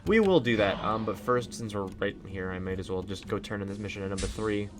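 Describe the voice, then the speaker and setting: Chatty man with a low voice. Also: fast, music in the background. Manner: rambling, chatty, many fillers. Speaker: let's play host. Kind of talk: casual gameplay commentary.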